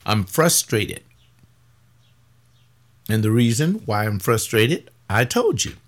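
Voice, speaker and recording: A man who is a pastor giving webcast commentary, rambling and conversational with blunt rhetorical questions, tired and aching, sometimes dropping low and quiet and then rising sharply when he argues. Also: very animated, slow. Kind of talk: webcast commentary reading and answering a paper.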